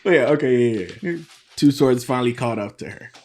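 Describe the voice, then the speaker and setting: A man's voice: medium pitch, lively intonation, fast, darkish tone, slight background noise. A man co-hosting a podcast, chatting casually and laughing often as he acts out lines from a book. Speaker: podcast co-host. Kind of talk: casual chat recapping a book series.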